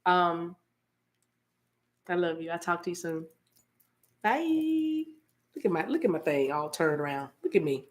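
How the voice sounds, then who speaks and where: A woman's voice: fairly low pitch, sing-song, unhurried, long pauses. A woman hosting a spiritual livestream, chatting casually and playfully with viewers, laughing often and greeting them by name.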